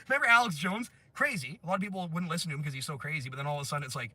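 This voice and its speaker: A hoarse, husky man with a fairly high voice rambles through a livestream as he walks city streets. He talks excitably, breaks into bursts of shouting and laughter, and his voice is worn from screaming. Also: racing, few pauses, no echo. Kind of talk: rambling livestream commentary while walking.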